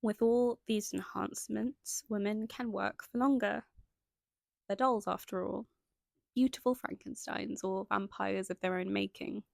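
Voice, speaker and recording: Young woman reading her video essay, lots of vocal fry, dry close sound, keeps breaking off to chat. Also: medium pitch, fairly even intonation, unhurried, no echo. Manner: reads from a script, breaks off into chatty self-conscious asides. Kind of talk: video essay narration with casual asides. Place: indoors at home, lighting changing.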